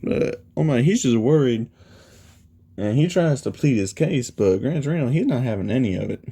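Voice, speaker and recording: A man's voice: mid-range voice, expressive, moderate pace, gravelly, dark tone, husky. A man casually retelling a fan story, rambling along with lots of fillers. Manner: rambling, heavy use of "you know" and "he's like".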